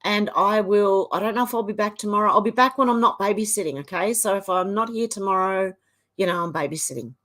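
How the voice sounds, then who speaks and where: Here a middle-aged Australian host keeps up easy chatter, rattling off viewer comments as she goes. Her pitch sits in the middle and sounds a bit bright.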